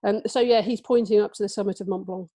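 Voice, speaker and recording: A woman's voice: mid-range voice, steady tone, quick pace, warm tone, dry recording. A woman in her forties from England giving an illustrated book talk, speaking hesitantly with many fillers and restarts, and reading passages from her book.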